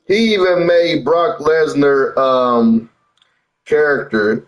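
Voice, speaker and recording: Young streamer dude, slow drawn-out talk, bit higher voice, gets loud then drops low. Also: male voice, rough recording. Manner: animated, swings up and down, loose slangy chat. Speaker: live streamer. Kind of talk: casual live-stream wrestling talk.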